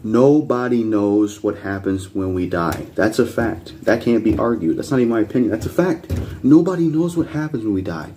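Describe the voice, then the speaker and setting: A man's voice: lowish voice, expressive, moderate pace, mellow, a little hiss or hum. A man hosting a reaction video, ranting bluntly with heavy swearing and repeating his points insistently. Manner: blunt, profane and combative. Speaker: channel host reacting to videos.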